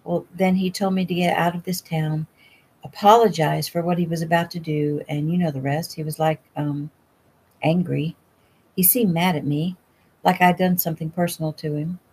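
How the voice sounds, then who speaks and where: A woman's voice: deep voice, steady tone, moderate pace, darkish tone, slightly rough. A woman voicing a feisty, stubborn young woman in a storybook reading, wry and matter-of-fact. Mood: steady, wry.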